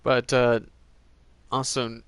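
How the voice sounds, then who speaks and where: Man, gaming host. Unhurried, rambling play-along chatter, dry close sound. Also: medium pitch, flat delivery, clean tone, dry recording. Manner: rambling, tangential, joking. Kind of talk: casual commentary while playing a game.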